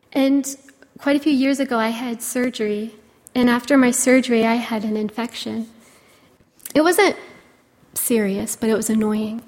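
A woman preaching a sermon, speaking in an earnest, gentle way with many "you know" fillers. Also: a little high, in a large hall.

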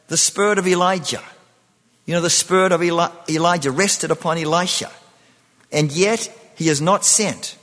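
A man's voice: fairly high pitch, a bit bright, in a large hall. A man preaching a sermon, often repeating himself and restarting phrases.

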